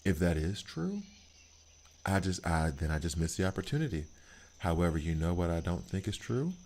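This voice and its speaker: Very deep-voiced man telling stories. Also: normal speed. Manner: animated, emphatic storytelling. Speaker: gaming streamer. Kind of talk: casual chat while streaming a game.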